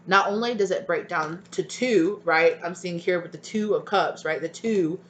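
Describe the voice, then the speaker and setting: A tarot reader gives a reading to her viewers in a lowish voice at normal speed, with slight background noise. Spiritual and emotional, sometimes close to tears, she encourages them and tags her sentences with "right?" and "okay?".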